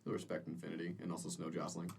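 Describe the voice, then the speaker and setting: A man's voice: low-pitched, monotone, rapid-fire, gravelly, far from the mic, a little hiss or hum. A man playing a tabletop game in a playful, goofy way. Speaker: player. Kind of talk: casual tabletop play.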